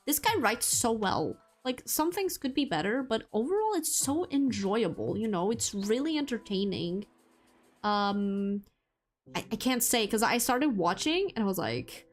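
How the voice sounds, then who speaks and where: A woman's voice: fairly high pitch, animated, moderate pace. A young woman streamer chatting casually with viewers, rambling with lots of fillers and restarts. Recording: faint music behind.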